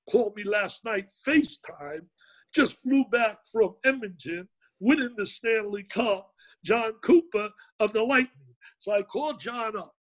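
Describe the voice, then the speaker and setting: Excitable, high-voiced older man telling a story. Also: low-quality recording. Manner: excitable, emphatic, repeats words. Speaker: guest. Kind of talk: animated storytelling in an interview.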